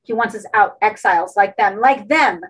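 A woman reading the lines of a panicked, wounded male adventurer in an audiobook, her husky voice raised and frantic. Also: medium pitch, fairly even intonation, a little fast, lightly acted. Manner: shouting in fear.

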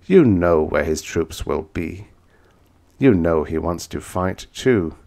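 A man's voice: sits low, animated, takes it slowly, creaky, a little mellow. A man narrating a vintage science fiction audiobook in the first person, with dramatic, intense storytelling.

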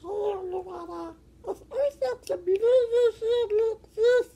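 A woman's voice: extremely high pitch, measured pace, warm tone. A woman voicing a whiny young Yoshi with a broken nose, sobbing and indignant in a toy skit. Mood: weepy. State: crying.

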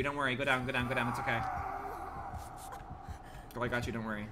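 A man's voice: steady tone, normal speed, long pauses, over music. Campy, profane male game streamer. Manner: campy and profane, swinging from murmurs to shrill outbursts. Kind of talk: live gameplay commentary.

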